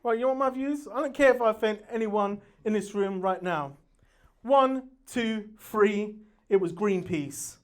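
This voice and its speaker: A man's voice: sits high, unhurried. A man performing a stand-up comedy set, telling stories brashly and animatedly, with his own sound effects and put-on voices. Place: comedy venue with live audience. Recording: crowd audible in the background. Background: audience laughter.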